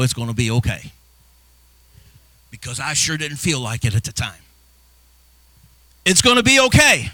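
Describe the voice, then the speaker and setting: A male pastor preaching a sermon, building from soft, low passages into impassioned shouts. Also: dry recording.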